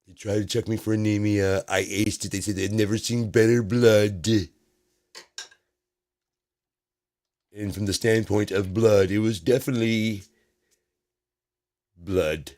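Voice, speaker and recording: A man's voice: fairly low pitch, steady tone, normal speed, darkish tone, no room sound, studio quality, lightly acted. A man putting on a mocking impression of a boastful, childlike older male president who repeats his bragging.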